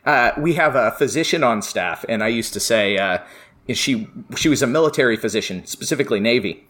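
A man's voice: medium pitch, expressive, a little fast, fairly bright tone. A middle-aged man, a professor and guest, telling stories in casual podcast chat and laughing often. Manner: chatty storyteller, laughs often.

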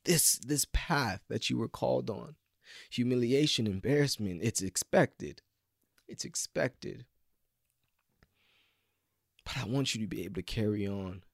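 Impassioned gravelly male preacher. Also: medium pitch, unhurried, pauses often, no echo, studio quality. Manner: impassioned, swings from loud pleading to hushed whispers. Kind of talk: sermon.

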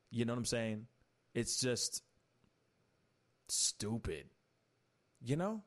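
A man's voice: mid-range voice, sing-song, slow, long pauses. A man hosting a casual talk show, chatty and laughing easily. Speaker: host.

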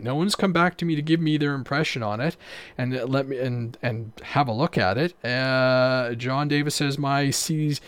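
A man hosts a casual livestream and talks it through in a loose, rambling way, with many fillers and restarts. His voice sits at an ordinary middle pitch. The sound is close and dry, with no room around it. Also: no room sound. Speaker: livestream host.

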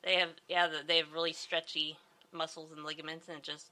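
Bright woman explaining haltingly. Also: low-pitched, level tone. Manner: halting, filler-heavy explaining. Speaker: podcast co-host. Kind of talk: casual live podcast chat.

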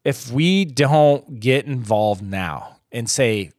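A man's voice: mid-range voice, expressive, slow pace, hardly any pauses, darkish tone, no room sound, studio quality. A man from the United States hosting a solo podcast, ranting bluntly and profanely with an exasperated, rambling delivery. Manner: rambling, with restarts and trailing off. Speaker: podcast host.

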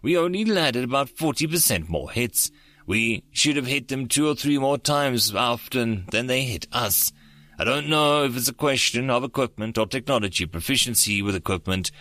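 A man's voice: mid-range voice, animated, normal speed, fairly bright tone, no echo, natural voice. A man voicing a frustrated, analytical young female alien officer who grumbles with tightly held anger.

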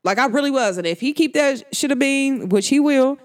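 A woman hosting her own show, telling candid stories about dating in a casual, slangy way, jumping between high excited bursts and low quiet asides. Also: a little fast. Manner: candid, animated storytelling with slang. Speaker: podcast host. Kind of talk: casual monologue.

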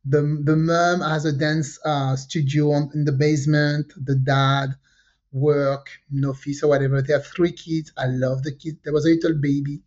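Woman telling a story. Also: moderate pace. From France. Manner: animated, jumps pitch when quoting people, frequent fillers. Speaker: podcast co-host. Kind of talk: casual storytelling chat. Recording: dull lo-fi podcast audio.

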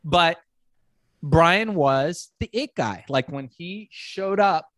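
A man telling a long animated story as a podcast guest, swearing freely and breaking into laughter. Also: fairly high pitch, dry recording, clean studio sound. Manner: profane, animated, quick laughs.

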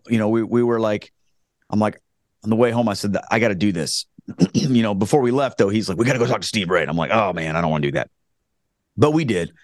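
A man's voice: medium pitch, no echo, studio quality. A man, earnestly telling his conversion story as a guest, rambling with frequent restarts. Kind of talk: casual spoken testimony.

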